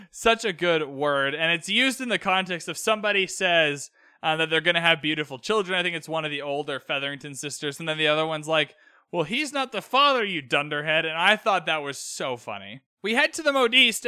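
A man's voice: high voice, sharp tone, smooth, dry recording, clean studio sound. A young man hosting a casual solo podcast, rambling and opinionated with exasperated asides. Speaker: podcast host recapping a TV episode.

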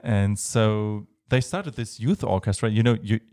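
A man with a German accent, a Baroque violinist talking as a guest in a relaxed interview, hesitant with many fillers and light laughs. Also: lowish voice, unhurried. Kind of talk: casual interview chat.

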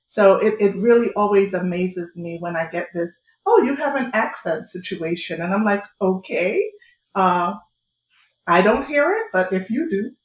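A woman's voice: medium pitch, moderate pace. A woman chatting casually with her sisters, talking in short, direct sentences. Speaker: podcast co-host. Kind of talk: casual chat among sisters. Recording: echoey room with faint noise.

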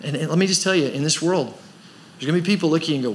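A man's voice: fairly high pitch, rapid-fire, a little hiss or hum. A man preaching a sermon as pastor of a church, pressing his points with rhetorical questions and rising emphasis. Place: church service.

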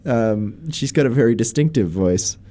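A man's voice: medium pitch, animated, moderate pace, warm tone. A man co-hosting a radio chart show, making wry, teasing remarks in casual chat. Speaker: radio co-host.

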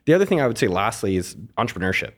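A middle-aged man, a guest on an interview podcast, telling family stories in a casual, animated way with frequent restarts. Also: lowish voice, rapid-fire.

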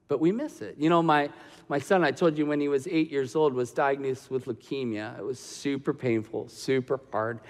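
A man preaching a sermon as pastor, swinging between loud emphatic lines and quiet hushed passages. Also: high-pitched, in a large hall.

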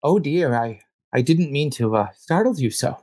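A man voicing a genteel, courteous male vampire elder in a tabletop game, speaking slowly and smoothly with a probing manner. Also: mid-range voice, lively intonation, darkish tone. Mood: apologetic.

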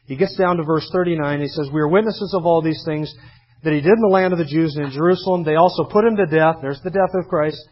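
A man with a voice on the high side and a fast way of talking preaches an expository sermon, reading scripture verses aloud emphatically and commenting on them between readings. The recording is dull and lo-fi.

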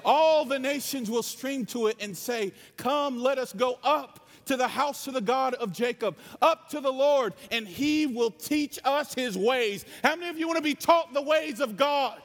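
A man's voice: very high voice, moderate pace, hardly any pauses, long reverb tail. A man from North Carolina preaching a passionate sermon with a Southern accent.

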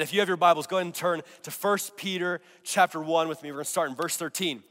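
Male pastor, a bit high-voiced, just over a cold, preaching in a reverberant sanctuary and getting the crowd to repeat after him. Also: fairly even intonation, fast, hardly any pauses, fairly bright tone. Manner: call-and-response, prompting the congregation to repeat words. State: recovering from a cold. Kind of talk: sermon. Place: church sanctuary. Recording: long hall reverb.

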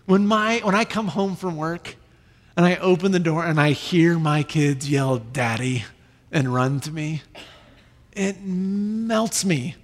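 A man in his thirties preaching a sermon, animated, with sudden high bursts when he acts out children. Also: slow pace. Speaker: pastor. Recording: long reverb in a large hall.

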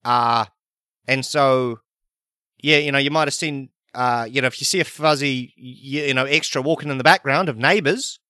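A rambling male actor with an Australian accent, full of deadpan nonsense, as a man puts him on. His bright, forward tone sounds dry and close to the mic. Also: mid-range voice, moderate pace, clear, resonant tone, no echo, lightly acted. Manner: rambling, deadpan absurd storytelling. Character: rambling Australian actor posing as a podcast host.

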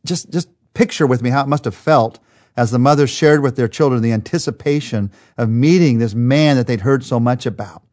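A man's voice: medium pitch, brisk, a little mellow. A man teaching a daily Bible study, retelling the passage in an earnest, vivid storytelling way with small restarts.

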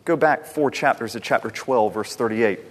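A man preaching a sermon as pastor, conversational and animated, asking rhetorical questions of the congregation. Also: mid-range voice, normal speed, in a large hall.

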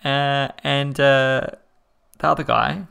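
Gravelly bright-voiced man chatting. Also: mid-range voice, slow. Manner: relaxed, hesitant with "uh". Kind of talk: casual chat.

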